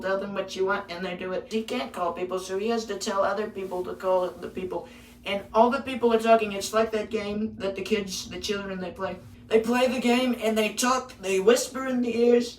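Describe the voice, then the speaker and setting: A man voicing a boastful, rambling older male politician who repeats himself and bursts out loudly. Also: sits high. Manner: repetitive, bragging, sudden loud bursts. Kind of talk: parody impression. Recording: roomy, distant mic with faint noise.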